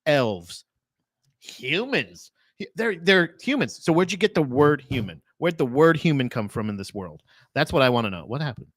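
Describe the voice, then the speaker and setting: A young man co-hosting a podcast, ranting loudly and mockingly for laughs and swearing often. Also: a little high, expressive, brisk, dry recording. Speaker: podcast co-host. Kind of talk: casual comedic rant.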